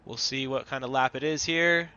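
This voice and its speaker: A man giving co-commentary on an online racing qualifying session, talking through lines and lap times in a steady, analytical way. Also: medium pitch, moderate pace, smooth, muffled recording.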